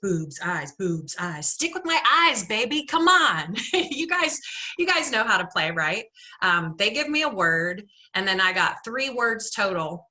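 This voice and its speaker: A woman performing a solo storytelling show, playful and animated, with conversational asides to the audience. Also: on the low side. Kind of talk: theatrical storytelling monologue.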